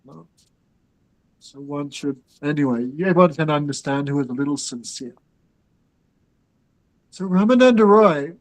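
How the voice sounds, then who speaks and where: A spiritual teacher leads a scripture class in a voice a little high for a man, speaking at normal speed with long pauses on a rough recording. He chants verses in Sanskrit and Bengali, explains them in plain language, and then addresses his students directly.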